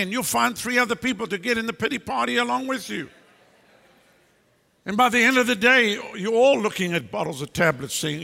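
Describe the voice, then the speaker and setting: Gravelly high-voiced preacher man, blunt. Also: lively intonation, brisk, sharp tone. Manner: emphatic, blunt, scolding bursts. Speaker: pastor. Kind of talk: preaching a sermon. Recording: long hall reverb.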